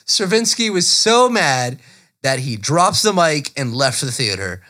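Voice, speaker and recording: A man's voice: on the high side, unhurried. A man co-hosting a podcast, telling a story in casual, profane chat and laughing often. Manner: animated, profane, laughs often, slips into silly voices. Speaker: podcast co-host.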